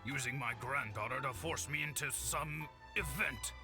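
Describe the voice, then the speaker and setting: An actor playing a gruff, blustering old grandfather in a video game. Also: mid-range voice, normal speed, over music, close to an everyday voice. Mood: grumbling. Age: older. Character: grumpy old grandfather, easily riled.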